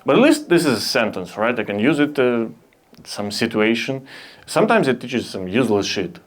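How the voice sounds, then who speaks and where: A young man from Belarus with a Belarusian accent, doing a halting, deadpan stand-up set at a comedy club. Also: mid-range voice. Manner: deadpan, halting, with restarts and self-deprecating asides. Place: comedy club stage with a laughing audience. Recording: live club audience laughter.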